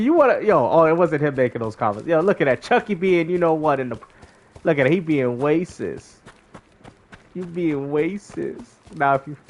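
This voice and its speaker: A man casually chatting on a livestream, loose and rambling, often laughing and restarting his sentences. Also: mid-range voice. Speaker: streamer.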